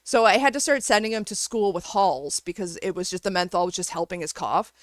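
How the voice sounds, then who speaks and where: A woman's voice: medium pitch, brisk, no room sound, studio quality. A woman in casual chat, blunt and profane, telling an anecdote with a laugh.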